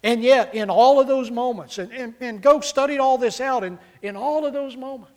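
Man, preacher, high-pitched voice, fervent sermon, loud emphatic peaks, acted-out quotes. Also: normal speed. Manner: fervent, rises to loud emphatic peaks then drops low; acts out scripture characters in quoted voices.

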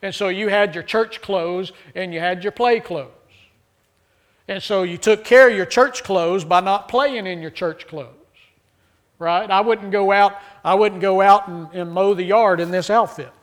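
A man's voice: sits high, measured pace. A male pastor preaching a sermon. He jokes easily and keeps calling on the congregation to repeat lines back to him. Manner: joking, call-and-response with congregation.

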